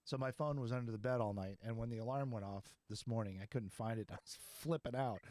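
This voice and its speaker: A man's voice: mid-range voice, quick pace, hardly any pauses, a little mellow. A man hosting a podcast, talking in a casual, rambling way and laughing easily. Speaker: podcast host. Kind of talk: casual chat.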